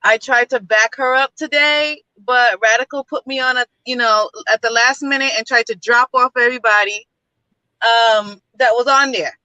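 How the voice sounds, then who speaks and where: A woman's voice: a little high, fairly even intonation, moderate pace, sharp tone, no echo, muffled recording. A woman from the Bronx, calling in from her car as a guest in a casual live-stream chat, talking bluntly and often repeating herself. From New York, Bronx. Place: in a car, driving.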